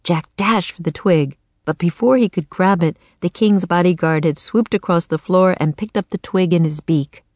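A woman narrating a children's chapter book in a calm, measured storytelling manner. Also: lowish voice, no room sound. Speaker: audiobook narrator. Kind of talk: scripted narration.

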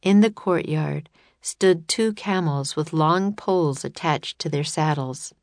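Low-voiced woman narrating a storybook. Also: slow, no room sound. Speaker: audiobook narrator. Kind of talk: scripted narration.

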